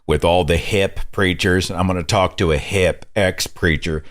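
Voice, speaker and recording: A man's voice: low voice, steady tone, measured pace, a bit bright. A man hosting a call-in talk show, conversational and sardonic, sometimes mocking preacher speech. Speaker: host.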